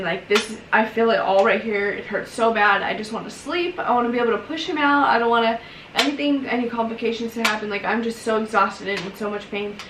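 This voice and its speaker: A woman's voice: fairly high pitch, a bit bright, a little hiss or hum. A young woman casually telling a personal story while doing her makeup, chatty and emotional, with lots of fillers. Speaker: vlogger. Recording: roomy echo, mic at a distance.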